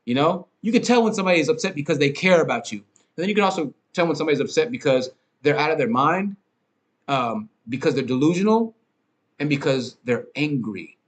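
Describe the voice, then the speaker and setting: A man's voice: a little high, expressive, a little fast. A man hosting a podcast, ranting in a casual, rambling monologue with frequent swearing, fillers and restarts. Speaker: podcast host.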